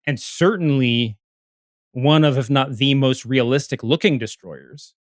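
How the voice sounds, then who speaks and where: A man's voice: medium pitch, unhurried, no room sound, studio quality. A man co-hosting a podcast in casual chat, rambling and cutting himself off with lots of fillers. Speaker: podcast co-host.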